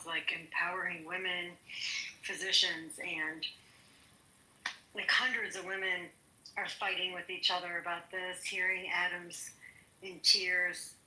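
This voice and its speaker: A woman physician speaking as a panel guest, thoughtful and measured with hesitant pauses. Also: on the low side, pushed and bright, reverberant, low-quality recording. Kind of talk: panel talk.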